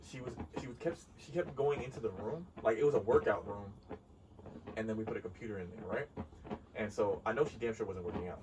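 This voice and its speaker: A man casually telling a story on a podcast, animated and profane, laughing often. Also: fairly low pitch, brisk. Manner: animated, laughing, swears freely. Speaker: podcast co-host. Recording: distant mic with clear background noise.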